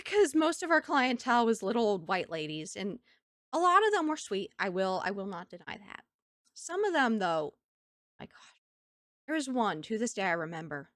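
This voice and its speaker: A woman streamer in casual chat from home, animated and laughing often between thoughts. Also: fairly high pitch, moderate pace, no room sound, studio quality. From United States.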